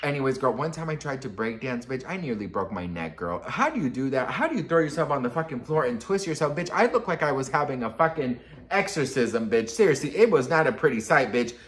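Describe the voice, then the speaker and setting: Sassy, animated gossip vlogger man. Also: medium pitch, brisk. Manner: sassy, animated, swears and calls viewers girl and bitch. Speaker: pop culture gossip vlogger. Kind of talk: chatty gossip vlog.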